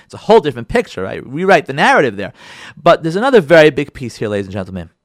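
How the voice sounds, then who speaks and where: A rabbi hosting a show gives a lively Torah talk to his listeners in an expressive, medium-pitched male voice, speaking rapid-fire. He repeats phrases for emphasis and acts out listeners' voices, in clean studio sound with no echo.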